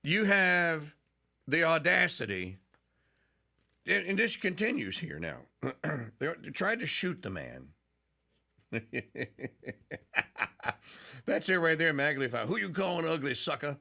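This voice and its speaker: Man, radio talk host, gravelly, bright, slow, lively pitch, rambling and laughing. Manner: rambling, laughing, doing mock voices.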